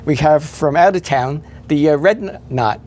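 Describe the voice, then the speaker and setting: A man's voice: fairly high pitch, measured pace, darkish tone. Chatty man listing event details. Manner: lists details with frequent fillers and restarts. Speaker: event organizer guest. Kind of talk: casual interview chat.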